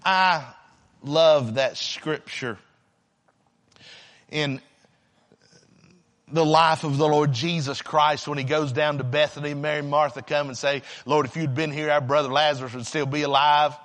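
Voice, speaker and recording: A man preaching a sermon. He swings between shouting and hushed, near-whispered passages. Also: fairly high pitch, steady tone, a little slow, long pauses, big-room sound.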